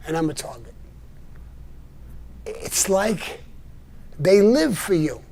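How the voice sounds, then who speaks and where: Gruff, profane older New man. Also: high voice, big pitch swings, slow, long pauses, a little mellow. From New York. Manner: profane, combative and indignant, with short gruff laughs. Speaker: live show host answering viewer messages. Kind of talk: blunt livestream monologue.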